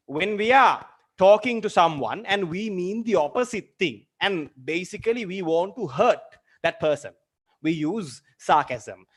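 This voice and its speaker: Sri man, literature lesson, high voice, repeats his examples, asks the class questions. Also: a bit bright. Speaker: English literature teacher. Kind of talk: online lecture.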